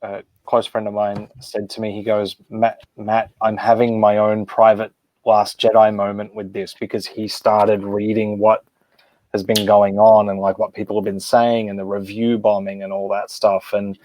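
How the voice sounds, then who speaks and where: A man's voice: lowish voice, completely flat delivery, normal speed, a little mellow, dry recording, low-quality recording. A man co-hosting a podcast, speaking bluntly and swearing when annoyed. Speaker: podcast co-host. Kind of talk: casual podcast chat.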